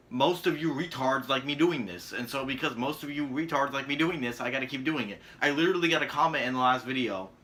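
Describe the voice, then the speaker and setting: Young man, channel host, sarcastic rambling rant, crude, bright edgy tone. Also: medium pitch. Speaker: channel host, wrestling reviewer. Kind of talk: casual ranting video review.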